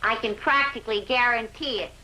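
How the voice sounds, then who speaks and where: An actress in a 1960s sitcom playing a brisk, scheming Navy lieutenant who gives the orders. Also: female voice, a little high, pushed and bright. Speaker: lieutenant leading the Waves. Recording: noisy old TV soundtrack with laugh track.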